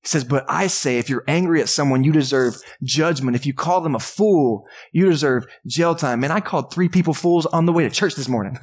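High-voiced man preaching a casual sermon. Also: a little fast. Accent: Texan. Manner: conversational, jokey preaching with acted-out voices. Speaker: pastor. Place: church sanctuary.

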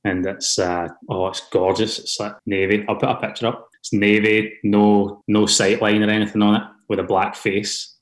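A Scottish man talking as a podcast guest, his fairly low voice staying even and level. He sounds easygoing and enthusiastic, sprinkling in friendly asides. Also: normal speed. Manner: easygoing, enthusiastic, says mate often. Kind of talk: casual interview chat.

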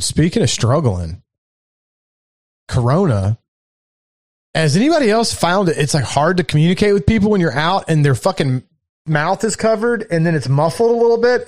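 Animated, profane male podcast co-host. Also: fairly high pitch. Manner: animated, profane, laughs often. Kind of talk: casual chat.

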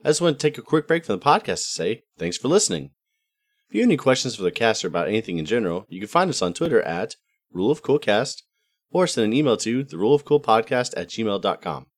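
Brisk, lively male podcast host. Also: lowish voice. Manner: brisk, jokey announcements. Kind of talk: sponsor and housekeeping read.

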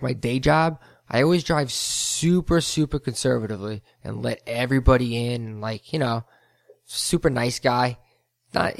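A man's voice: medium pitch, gravelly, no room sound, studio quality. A man hosting a podcast, telling a rambling story with heated asides. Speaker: podcast host, float center owner. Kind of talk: casual storytelling monologue.

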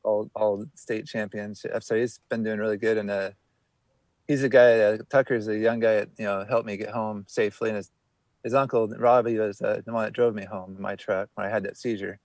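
A man with a fairly low voice talks casually in a relaxed, rambling way, often trailing off and circling back. The sound is dry and close, with no room around it. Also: fairly quick, dry recording. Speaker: guest angler. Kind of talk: casual podcast chat.

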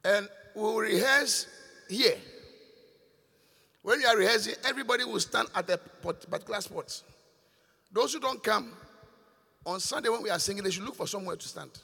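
A man's voice: sits high, normal speed, creaky, pauses often, sharp tone, slightly rough. An older man, a bishop preaching to his congregation, questioning and scolding them in call-and-response. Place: large church hall. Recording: long reverb of a church hall.

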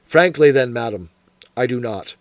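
A man reading a sharp Victorian detective in an audiobook, clipped and deliberate, his voice lower and quieter. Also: lively intonation, dry recording, natural voice. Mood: terse.

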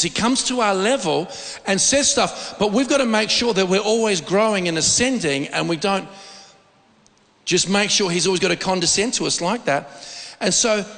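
Middle-aged male preacher, high and bright, informal, stumbles and restarts, echoing hall. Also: vocal fry. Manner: informal, repeats words while searching for phrasing. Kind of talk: conversational sermon. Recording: long reverb of a large hall.

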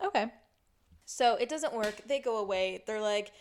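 A woman's voice: mid-range voice, expressive, normal speed, slight background noise. A woman co-hosting a podcast, recapping a TV episode in casual chat and laughing often. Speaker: podcast co-host.

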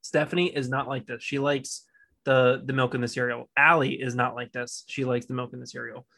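A man's voice: mid-range voice, little pitch movement, a little fast, gravelly, bright, forceful tone. A man co-hosting a casual podcast, a father of two who tells laid-back stories, laughs often and swears casually.

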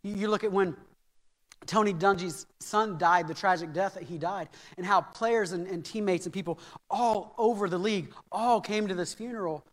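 A man's voice: sits high, moderate pace, a bit bright. An American man preaching a sermon as pastor, earnest and anecdotal, repeating key phrases for emphasis. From United States. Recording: reverberant hall.

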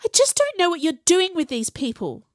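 A scornful young fire-mage woman, as a female narrator puts her on, hissing her cutting words in a much higher, thin voice. The sound is dry and close, like a storybook recording. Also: big pitch swings, brisk, no room sound.

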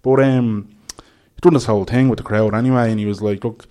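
A man's voice: on the low side, fairly even intonation, a little fast, warm tone. A young Irish man on a podcast, telling a long story with lots of fillers and quoted voices. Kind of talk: casual chat.

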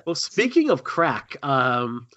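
A man's voice: mid-range voice, very animated, slow, fairly bright tone, no echo, lo-fi sound. A man hosting a horror podcast in casual chat, rambling with frequent ums, a little tired. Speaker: podcast host.

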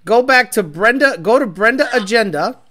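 Brash male car-show host, casual profane rant with Spanish asides, lively pitch. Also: normal speed. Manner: profane, animated, with sudden bursts of Spanish.

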